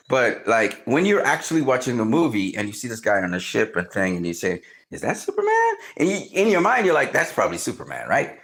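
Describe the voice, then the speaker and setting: A man in casual film commentary, excitedly retelling movie scenes, swearing often and acting out reactions. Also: mid-range voice.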